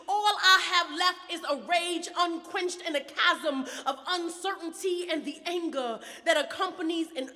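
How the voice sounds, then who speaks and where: A woman from Baltimore performing spoken word poetry on a theater stage, a little hoarse from a cold, with a rhythmic, emphatic delivery that climbs to loud peaks. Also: very high voice. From Baltimore, USA. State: hoarse, getting over a cold. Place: theater stage before an audience. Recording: long theater reverb.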